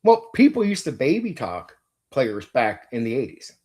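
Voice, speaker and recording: A man's voice: medium pitch, wildly swooping pitch, moderate pace, darkish tone. A middle-aged man, host of a tabletop game channel, ranting in blunt, profane casual talk and repeating himself. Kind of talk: casual opinion rant to a viewer.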